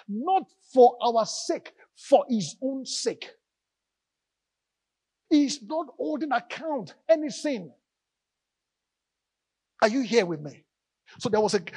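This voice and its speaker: A male pastor preaching a lively sermon in church, calling out to the congregation and joking between points. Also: extremely high pitch, slightly rough, dry recording. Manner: animated preaching with audience call-outs and jokes.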